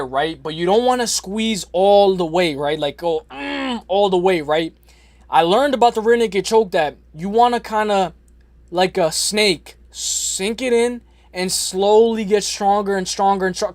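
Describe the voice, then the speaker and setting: Male streamer, high voice, dry close sound, loose slangy chatter. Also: no echo. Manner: slangy, rambling, shouts out chatters. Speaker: livestream host. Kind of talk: casual livestream chat.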